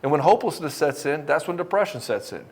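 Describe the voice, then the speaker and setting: Fast-talking profane male coach. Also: a little high, lively intonation, husky. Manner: blunt, profane, passionate, acts out both sides of dialogues. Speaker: dating and divorce coach. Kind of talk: direct-to-camera motivational talk.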